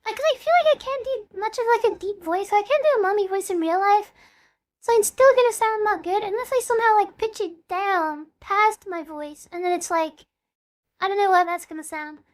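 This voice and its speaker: A young woman in her twenties, with a very high, light voice, chats casually on her live stream from a home desk mic. She rambles, giggles and pokes fun at herself between greetings to chat. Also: fairly quick. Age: 20s. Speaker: VTuber streamer.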